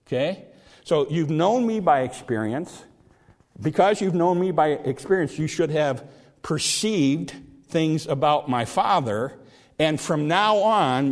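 Man preaching a sermon, emphatic. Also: on the high side. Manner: preaching with emphatic rises and slow stressed scripture quotes. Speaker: pastor.

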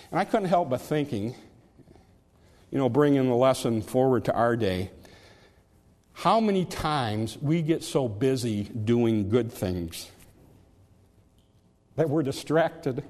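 A man's voice: mid-range voice, lively intonation, slow, long pauses, darkish tone, big-room sound. A man preaching a sermon in an earnest, conversational way, often restarting his words.

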